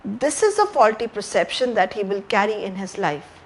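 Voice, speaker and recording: A woman's voice: medium pitch, sing-song, moderate pace. A woman with an Indian English accent giving a live educational health talk, telling a story and asking the audience questions. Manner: storytelling, repeats phrases, asks audience questions. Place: library talk room.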